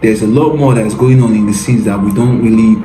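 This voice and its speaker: A man's voice: on the low side, a little fast, warm tone, roomy sound, soft background music, low-quality recording. A man hosting a casual reaction commentary, mocking and exasperated, laughing often and calling the listener bro. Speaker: commentary video host.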